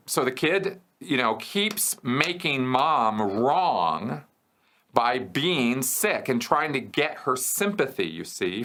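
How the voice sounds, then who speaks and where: A man's voice: mid-range voice, gravelly, a bit bright. A man hosting a question-and-answer show, explaining a concept conversationally and checking in with the listener as he goes. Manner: conversational, checks in with "okay?" and "right?". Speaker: host answering viewer questions. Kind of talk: explanatory casual talk.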